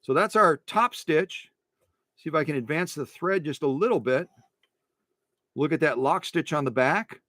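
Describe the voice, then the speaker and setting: A man's voice: a little high, lively intonation, moderate pace, long pauses, sharp tone, dry recording, clean studio sound. A man restoring sewing machines, talking casually through a stitching demo in his workshop, repeating phrases and breaking into playful mock rants.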